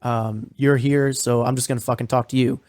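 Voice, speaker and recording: A man's voice: medium pitch, level tone, a little fast, a little mellow, no room sound, clean studio sound, lightly acted. A man voicing a frustrated young woman lost in a haunted garden, speaking in a profane, exasperated way. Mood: weary.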